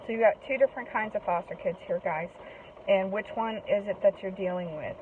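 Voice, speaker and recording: A woman's voice: medium pitch, brisk. An earnest woman talks straight to her listeners, keeps checking in with them and repeats her points. Her voice sits mid-range and sounds thin and phone-like, with a faint hiss behind it. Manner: earnest, repeats "okay?" and "guys". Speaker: host giving advice to foster parents. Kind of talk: casual direct-to-camera talk. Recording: tinny phone-like audio with faint noise.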